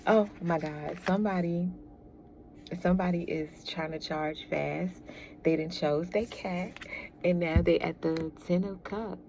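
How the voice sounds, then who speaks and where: A woman's voice: on the low side, steady tone, unhurried, creaky, a little mellow, slight background noise. A woman giving a casual tarot reading, chatty and laughing often as she talks to viewers. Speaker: tarot reader.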